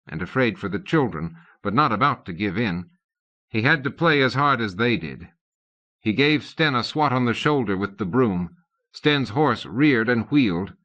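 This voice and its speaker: In this scripted narration, a male audiobook reader keeps a steady, measured rhythm and speaks higher for the characters. The sound quality resembles a dull, lo-fi cassette.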